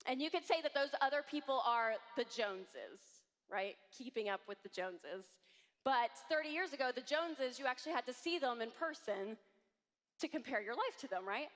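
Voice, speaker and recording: A woman in her thirties giving an animated conference talk to a live audience, acting out voices as she tells stories. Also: sits high, normal speed. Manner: animated, acts out quoted voices. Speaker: conference speaker. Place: large hall with audience. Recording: long hall reverb.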